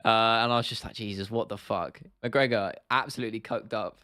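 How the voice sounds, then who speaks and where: A man's voice: on the low side, brisk, pushed and bright, no echo. Young male streamer, casual and blunt, swears a lot, dry close mic. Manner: blunt, opinionated, swears freely, restarts often. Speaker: livestream host. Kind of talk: casual livestream chat answering viewers.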